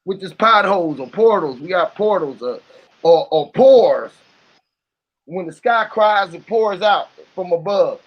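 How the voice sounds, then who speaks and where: A man's voice: sits high, animated, a little slow, lo-fi sound. A man talking casually to camera in a profane, musing, freewheeling way. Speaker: vlogger. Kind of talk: casual rambling talk to camera.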